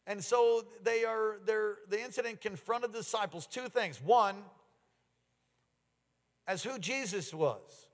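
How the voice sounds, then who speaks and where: A man preaching a sermon, telling stories with an animated delivery that climbs into excited outbursts. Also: high-pitched, unhurried, big-room sound. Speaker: pastor.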